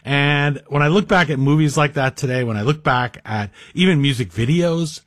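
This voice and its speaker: Guy filling in on talk radio, rambling wry asides, bit high voiced, close dry mic. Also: moderate pace, no room sound. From Greek heritage. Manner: chatty, self-deprecating, wry asides. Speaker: radio guest host. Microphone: studio microphone.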